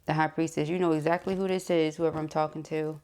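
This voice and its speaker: A woman in her thirties giving a casual tarot reading, talking fast and excitedly, stumbling over her words and laughing at herself. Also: sits low, background noise. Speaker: tarot reader.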